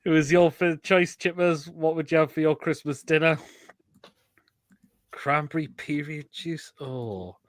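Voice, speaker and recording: A man's voice: mid-range voice, fairly bright tone, dry recording. A man hosting a casual live stream, reading out comments and crude jokes about food photos. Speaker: host.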